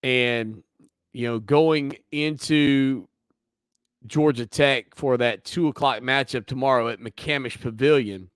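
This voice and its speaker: A man's voice: medium pitch, slow pace, clear, resonant tone, dry recording, studio quality. Opinionated male sports radio host. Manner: conversational, opinionated, teasing asides. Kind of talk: sports talk radio monologue.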